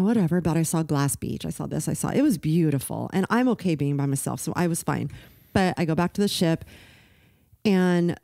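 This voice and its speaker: A woman's voice: on the low side, vocal fry, dry recording, clean studio sound. Emotional middle-aged woman telling a story. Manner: animated, acts out quoted dialogue, emotional. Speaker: podcast co-host. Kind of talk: casual storytelling chat.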